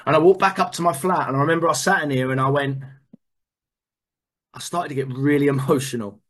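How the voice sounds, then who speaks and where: A man tells a personal story in a candid, lively way, with a voice a little higher than most men's. He repeats words as he goes and swears now and then. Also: a little fast. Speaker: speaker sharing a recovery story.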